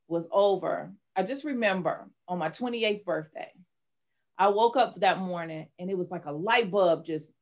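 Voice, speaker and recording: A middle-aged woman, a life coach and author, telling her personal story candidly and with strong emotion in an interview. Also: medium pitch. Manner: candid, emotional, dramatic retelling.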